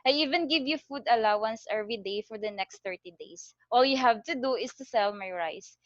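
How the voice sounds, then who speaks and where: A woman playing a calm generous rich man. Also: a little high, fairly quick, dry recording, close to an everyday voice. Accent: Filipino. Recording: dull lo-fi dry recording.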